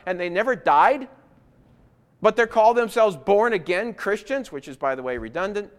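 Clear-voiced male preacher, emphatic. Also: high voice, lively intonation, moderate pace. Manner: emphatic rhetorical questions, building to loud insistence. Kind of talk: sermon.

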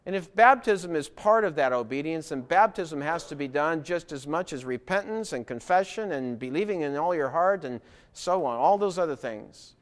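Emphatic male preacher, fairly high voice. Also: lively intonation, moderate pace. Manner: earnest, emphatic, repeats key phrases. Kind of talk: sermon. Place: church with baptistry.

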